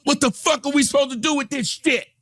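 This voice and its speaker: A man's voice: very high voice, quick pace, creaky, a bit bright, no room sound. An American man hosting a reaction stream, ranting with profane, scornful commentary. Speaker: reaction channel host.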